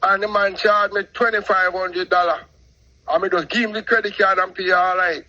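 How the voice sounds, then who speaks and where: A middle-aged Jamaican man telling a long personal story in patois, animated and talkative, calling in to a show. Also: high voice, normal speed, muffled recording. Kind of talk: casual storytelling on a call-in show.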